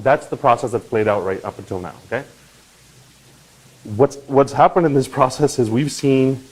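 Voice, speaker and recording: A man hosting a crypto channel, talking in a casual, animated explainer style and often checking in with "right?" and "okay?". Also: medium pitch, rough recording. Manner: animated, swings into loud mock voices and profanity; conversational with frequent "right?" and "okay?".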